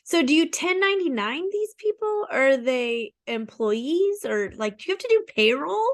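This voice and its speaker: Curious woman co-host, slightly high voice. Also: very animated, normal speed. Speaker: podcast co-host. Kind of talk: casual podcast interview.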